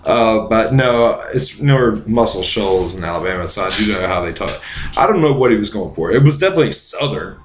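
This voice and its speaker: A man's voice: on the low side, lively intonation, brisk, a little hiss or hum. A drunk man hosting a casual movie chat, rambling and profane, going off on tangents. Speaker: podcast host. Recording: roomy echo.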